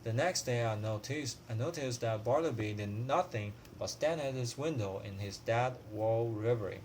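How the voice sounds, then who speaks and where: A man reading a classic story aloud as a student, at a steady pace with frequent slips and restarts. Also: mid-range voice, normal speed, slight background noise. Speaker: student reader.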